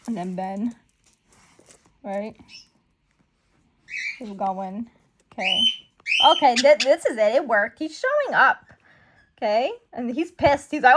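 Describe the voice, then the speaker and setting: A woman in casual commentary, excitedly recapping a comic book story and acting out the characters' lines. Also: a little high, unhurried, slight background noise. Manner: excitable, exclaims often, acts out characters' lines.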